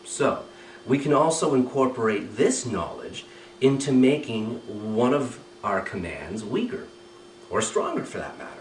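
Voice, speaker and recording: A man's voice: medium pitch, sing-song, a little slow, roomy sound, recorded from a distance, slight background noise, low-quality recording. A man teaching a recorded training lesson, explaining step by step and often checking with "right?" and "okay?". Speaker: communication trainer.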